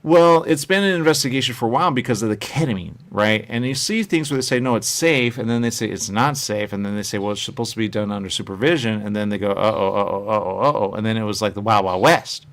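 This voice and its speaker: Talking quickly with hardly any pauses, this man hosts a show in a lowish, fairly bright voice. His chat is casual and meandering, drifting from point to point as he frequently performs the voices of people he quotes.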